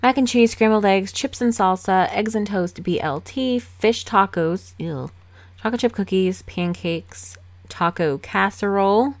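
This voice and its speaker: A woman narrates her game in casual, chatty commentary, breaking into giggles and dry sarcastic asides. Her voice sits at an ordinary mid pitch for a woman. It is a close desk-microphone recording from a home setup. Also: a little slow, no echo. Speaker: let's play host.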